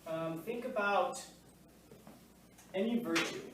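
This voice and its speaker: A man's voice: high voice, takes it slowly. A male teacher giving a casual, joking classroom lecture, full of fillers and questions to the class. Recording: echoey classroom, mic far off, faint noise.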